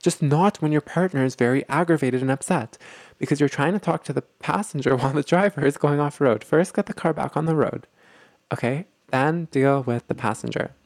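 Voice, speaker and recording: A man's voice: fairly high pitch, fairly quick, no echo. A man hosting a relationship advice show, talking his listeners through advice in a conversational way, repeating himself and often checking in with "okay?".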